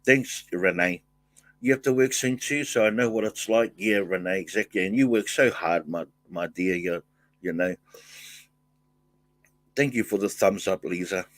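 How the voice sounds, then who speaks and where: An older man hosts a laid-back livestream chat, greeting viewers by name and answering comments. His voice sits a little low and sounds dry and close. He talks in halting bursts, full of restarts and fillers. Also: no echo. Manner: halting, warm thanks, frequent fillers and restarts. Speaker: livestream host. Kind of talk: casual live chat, reading viewer comments aloud.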